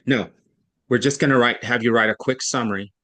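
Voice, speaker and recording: A man's voice: medium pitch, fairly quick, bright, forceful tone. A man tutoring a student in reading over an online session, explaining step by step in a patient, thinking-aloud way with frequent self-corrections.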